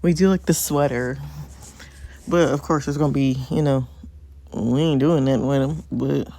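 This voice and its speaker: A woman's voice: very deep voice, fairly even intonation, moderate pace, dark tone, no echo. Chatty woman playing a story game. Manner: chatty, laughs often, thinks aloud with ums. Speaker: gaming channel host. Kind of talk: casual let's-play commentary.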